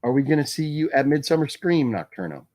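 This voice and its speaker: Man, live-stream host, casual chat, very lively pitch, laughs a lot, reads viewer names. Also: quick pace. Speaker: livestream host. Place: home room with his movie collection.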